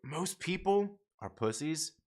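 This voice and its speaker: A man's voice: a little high, animated, takes it slowly, a little mellow. A man hosting a live stream, telling a rambling, profane story with lots of restarts and laughter. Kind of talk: casual storytelling monologue.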